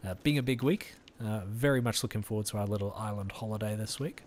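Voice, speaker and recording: A tired Australian man chats easygoingly with viewers as he streams a game, friendly and relaxed. His lowish voice is a little mellow and fast, with a touch of hiss or hum in the audio.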